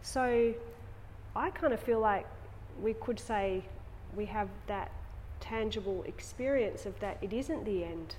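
This yoga teacher speaks in a mid-range, darkish voice at a measured pace, rambling along with her class and posing tag question after tag question before she guides a relaxation. The studio is echoey with long reverb and slight background noise.

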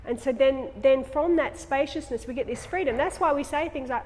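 A woman's voice: high voice, a little slow, few pauses. A woman talking to a yoga class, rambling and conversational, asking the class many tag questions before leading a guided relaxation. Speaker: yoga teacher. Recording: echoey studio with long reverb.

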